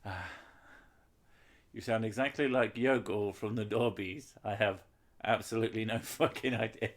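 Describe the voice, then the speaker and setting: In a lowish, steady voice at a moderate pace, a game streamer chats on a live stream, rambling, swearing freely, and joking at his own expense.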